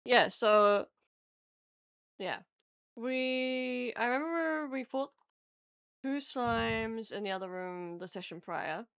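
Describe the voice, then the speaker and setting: A woman player in a tabletop campaign, chatting and recapping the last session in an unhurried way, searching for words with ums and breaking into giggles. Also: a little high, a bit bright, smooth, no echo, clean studio sound. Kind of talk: casual chat and session recap.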